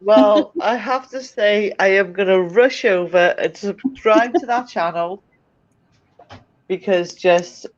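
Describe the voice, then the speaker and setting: A woman's voice: mid-range voice, slow pace, highs cut off. A woman joining a casual chat, teasing and joking. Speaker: regular on the channel.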